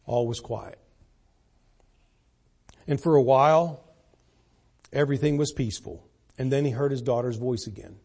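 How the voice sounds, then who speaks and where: A man preaching a sermon, pressing key points hard and then dropping to a soft, hushed voice. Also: mid-range voice, measured pace, gravelly, pauses often, breathy edge. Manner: emphatic, swings from loud to soft.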